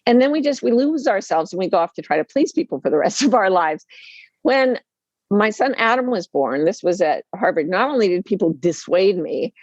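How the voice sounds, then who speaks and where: A woman, an author and life coach, telling personal stories with lively, self-deprecating humor and acting out the voices she quotes. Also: medium pitch, brisk, no room sound, highs cut off. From Utah, USA. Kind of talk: candid storytelling interview.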